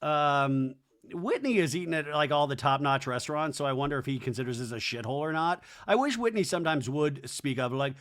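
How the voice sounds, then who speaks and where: A man hosting a podcast, recapping a reality TV episode with sarcastic, animated commentary and putting on voices for quotes. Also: on the high side, a little fast. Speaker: podcast host. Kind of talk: comedic TV recap.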